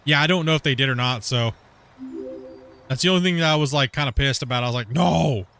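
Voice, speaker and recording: A man from Canada hosts a multiplayer game stream, talking loosely to his friends. His voice is bright and forward, and he rambles with plenty of fillers and restarts. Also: medium pitch, fast talker, smooth. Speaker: streamer host. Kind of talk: casual chat while gaming.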